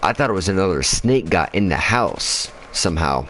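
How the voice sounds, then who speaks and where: A man's voice: low voice, lively intonation, fairly quick, fairly bright tone. A man telling a story in casual chat while playing a game, swearing constantly and rambling with fillers. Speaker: gaming channel host.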